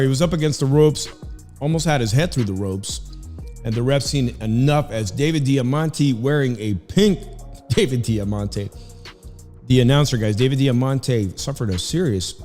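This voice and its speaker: A man's voice: medium pitch, a little mellow, long reverb tail. A man hosting a casual live stream, rambling between fight commentary and chat while chewing food at home. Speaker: livestream host and fight commentator. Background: background music.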